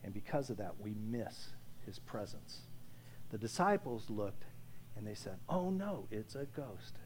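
A man preaching a sermon, moving from hushed, slow passages to loud, emphatic declarations and asking his listeners questions. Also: fairly low pitch, very animated, slight background noise. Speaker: pastor.

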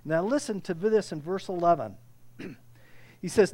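A man preaching a sermon with impassioned delivery, often restarting phrases and building to loud peaks. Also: sits high, measured pace, long pauses. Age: older. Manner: impassioned, rising to near shouting, with frequent restarts. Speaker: pastor.

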